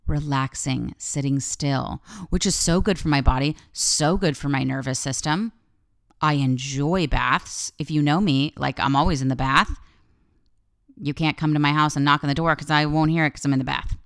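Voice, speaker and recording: A woman with a low, slightly gravelly voice hosts her own podcast in a loose, candid monologue. She swears freely and wanders into side tangents before coming back to her point. Her voice sounds smooth and dry. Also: dry recording. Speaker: podcast host. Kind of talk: casual solo podcast monologue.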